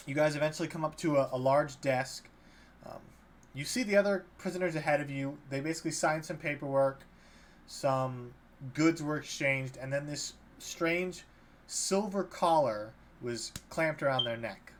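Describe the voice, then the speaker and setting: A man running a tabletop game as dungeon master, narrating loosely with many fillers and restarts. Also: on the high side. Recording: faint background noise.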